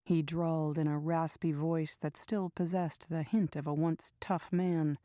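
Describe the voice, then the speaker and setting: Woman audiobook narrator, low mellow voice, steady measured delivery. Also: no echo, clean studio sound.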